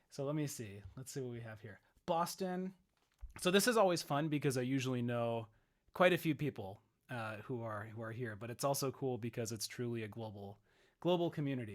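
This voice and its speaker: A man's voice: medium pitch, animated, moderate pace. A man from upstate New York hosts a live online workshop over a video call, chatting and reading greetings from the chat. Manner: friendly, chatty, reads out chat messages. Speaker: workshop host. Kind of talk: live webinar welcome.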